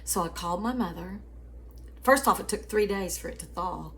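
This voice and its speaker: A woman's voice: lowish voice, normal speed, a little hiss or hum. A woman host telling a story in a devotional chat, calling her listeners sweeties and family and often laughing.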